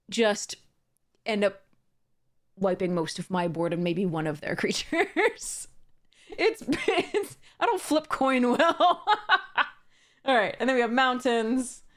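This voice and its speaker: A woman hosting a casual box-opening video, reading card text aloud, chuckling often and restarting her sentences. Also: medium pitch. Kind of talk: casual unboxing narration.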